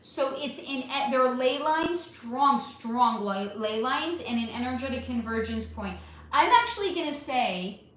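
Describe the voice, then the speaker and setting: A woman's voice: a little high, a bit bright, slight background noise. A woman hosting a casual livestream and reading out chat comments. She rambles and hesitates, swearing casually. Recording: very echoey room.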